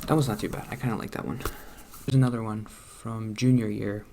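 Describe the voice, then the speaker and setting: Awkward low gravelly young man. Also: steady tone, brisk, slight background noise. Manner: awkward, self-deprecating, mumbly with soft laughs. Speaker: vlogger. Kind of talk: casual chat.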